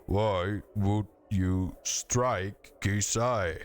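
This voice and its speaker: A man voicing a stern, ponderous stone-like warrior monk who speaks very slowly and refers to himself by name. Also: lowish voice.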